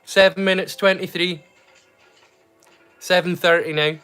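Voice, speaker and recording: A man's voice: sits high, fairly even intonation, measured pace, bright, forceful tone, clear, resonant tone, faint music behind. A man, chatting casually and rambling as he hosts a movie watch-along livestream. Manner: chatty, rambling, self-correcting. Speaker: livestream host.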